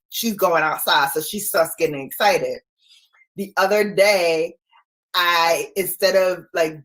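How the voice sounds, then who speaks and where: A middle-aged woman hosts a casual livestream, chatting, laughing often and replying to viewer comments. Her voice is lowish with a fairly bright tone.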